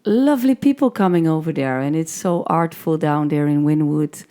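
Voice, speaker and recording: A woman from the Netherlands, a guest DJ, talking in a hoarse voice in a casual, enthusiastic interview chat. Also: low voice, normal speed, warm tone.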